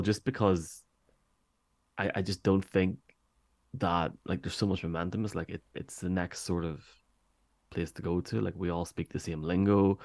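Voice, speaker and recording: Irish man, very deep voice, gravelly, dry close sound, excited rambling chat. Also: no room sound. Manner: enthusiastic, rambling with many restarts. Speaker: podcast guest. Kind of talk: casual chat.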